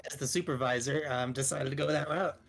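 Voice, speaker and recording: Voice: medium pitch, a little fast, over a noisy crowd. A player in a tabletop game, joking and playing innocent in banter with the game master.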